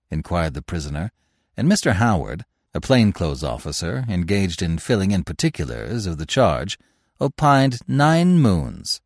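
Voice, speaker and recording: A male narrator reads a classic tale with dramatic expression. His low voice swings widely in pitch. The sound is dry and close. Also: very animated, a little slow, dry recording. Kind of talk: audiobook narration.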